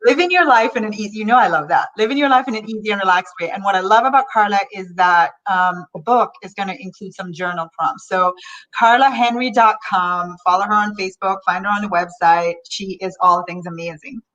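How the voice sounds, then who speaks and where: A woman hosting a motivational online session, talking in a bubbly, animated way and often laughing. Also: medium pitch, brisk, lo-fi sound. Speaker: host.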